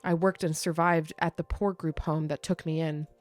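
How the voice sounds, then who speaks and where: A woman reading aloud the lines of a scared, self-serving teenage boy from a game, in her own fairly low voice. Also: steady tone, normal speed, close to an everyday voice. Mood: sulky. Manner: reads game dialogue aloud plainly.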